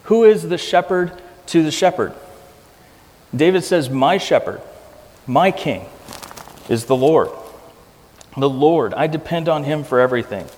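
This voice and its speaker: A man's voice: a little high, expressive, a little slow, pauses often, a little mellow. Pastor guy preaching, earnest, repeats lines for emphasis, long hall echo. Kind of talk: sermon.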